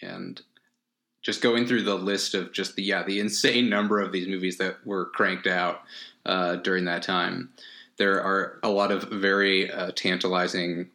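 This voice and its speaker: A man hosts a podcast in an easygoing, hesitant manner. His voice sits very low but carries a bright, forceful tone, and he pauses often on filler words. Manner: laid-back, hesitant, many fillers. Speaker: podcast host. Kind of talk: casual podcast chat.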